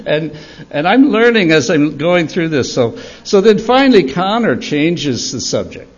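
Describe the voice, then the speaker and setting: An older man with a husky voice tells a church story for children, unhurried and chuckling. His pitch rises and falls with lively animation. The recording sounds dull and lo-fi. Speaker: church speaker.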